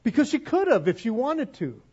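A man's voice: extremely high pitch, huge pitch swings, a little fast, darkish tone, husky, highs cut off. A man preaching a sermon in a conversational way, with acted-out asides.

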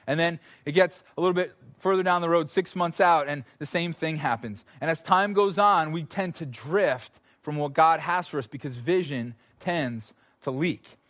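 A man preaching a sermon as pastor at a church service, telling stories in an animated, conversational way with playful asides. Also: a little high, normal speed, hardly any pauses.

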